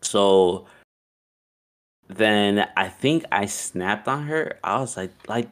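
A man's voice: lowish voice, steady tone, measured pace, gravelly. A young man casually telling a story, loose and profane, with "like" in nearly every line. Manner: loose and profane, heavy use of "like".

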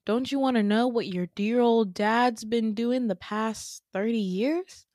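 A woman's voice: fairly high pitch, a little slow, darkish tone, no room sound, studio quality. A woman voicing a sly man who taunts his listener with a hidden truth, in a retold dream story. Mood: taunting.

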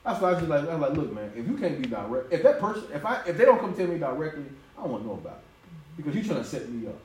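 A man preaches, his pitch leaping high and low as he laughs and acts out voices. He sits a little above the usual register for a man. The sound is roomy and distant, with a faint ambience behind. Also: sing-song, fast. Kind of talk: conversational sermon.

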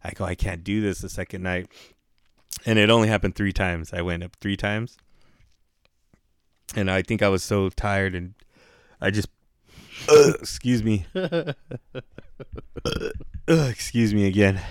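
A man's voice: on the low side, steady tone, measured pace, long pauses, clear, resonant tone, dry recording, studio quality. A man telling a story in a laid-back, rambling podcast chat, swearing freely. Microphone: headphones and studio mic.

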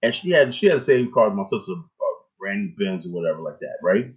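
A man's voice: on the low side, sing-song, fast talker. A man hosting a casual talk show, ranting in a rambling, emphatic way with lots of filler tags and plenty of swearing. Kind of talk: casual profane rant. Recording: tinny phone line.

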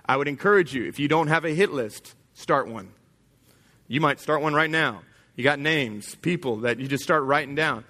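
A man's voice: on the high side, moderate pace, pushed and bright. Emphatic man preaching a casual sermon. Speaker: pastor.

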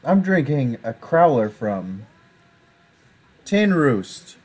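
A man co-hosting a casual online show, easygoing and quick to laugh. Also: medium pitch, very animated, darkish tone. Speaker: podcast co-host. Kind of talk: casual chat.

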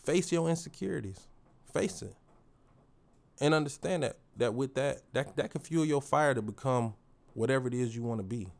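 A man's voice: mid-range voice, animated, normal speed, gravelly. A man hosting his own podcast, giving a motivational monologue in a preachy, slang-heavy way and repeating phrases for emphasis. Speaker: podcast host.

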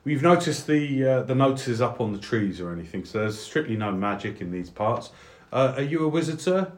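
A man's voice: mid-range voice, lively intonation, brisk, reverberant, natural voice. A man voicing a polite, nervous male guard captain who stammers and apologizes. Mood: apologetic.

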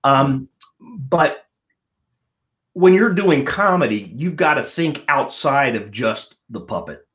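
Animated middle-aged male comedian. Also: slow. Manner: animated storyteller, lively pitch swings. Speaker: guest comedian and ventriloquist. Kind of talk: casual interview chat.

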